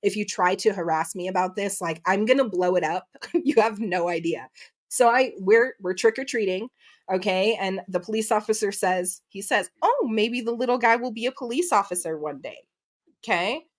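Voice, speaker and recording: A woman's voice: medium pitch, moderate pace. A woman, likely in her thirties, telling a story in casual chat, acting out quotes and swearing freely. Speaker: guest.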